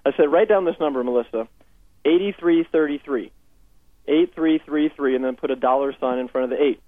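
A man's voice: fairly high pitch, brisk, dry recording. A man with a Southern Californian accent, a life coach telling upbeat client stories as a guest on a radio interview by phone. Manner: upbeat storytelling, quotes clients in dialogue. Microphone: phone headset. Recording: dry tinny phone line.

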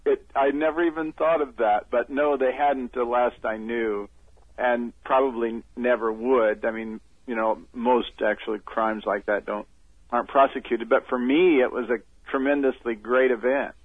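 Guy calling in on a tinny phone line, lots of ums, mid pitch, explains things slowly. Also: steady tone, slightly rough, dry recording. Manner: hesitant, many ums, explains step by step. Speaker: guest on phone. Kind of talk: phone interview.

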